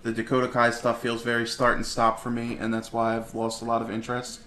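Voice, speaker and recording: A man co-hosting a casual podcast, giving measured, easygoing opinions. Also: mid-range voice, monotone, sharp tone, slight background noise. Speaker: podcast co-host. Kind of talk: casual wrestling podcast chat. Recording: echoey room.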